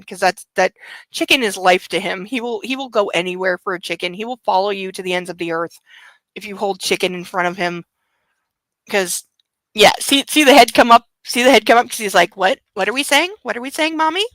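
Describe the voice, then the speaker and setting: A woman's voice: mid-range voice, brisk, fairly bright tone, dry recording, low-quality recording. Tired, rambling woman. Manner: rambling, candid, swears freely. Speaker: book club host. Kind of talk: casual chat.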